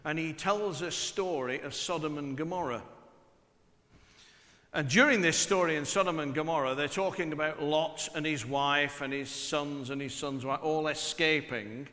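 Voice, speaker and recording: A man's voice: on the high side, moderate pace, bright, forceful tone, big-room sound. A middle-aged man from northwest England with a northwest English accent, preaching a chatty, humorous sermon full of rhetorical questions.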